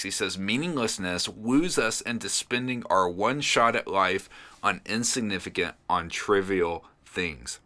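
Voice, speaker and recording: A middle-aged man, a pastor hosting a podcast, delivering an earnest, encouraging devotional sermon with animated storytelling. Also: on the low side.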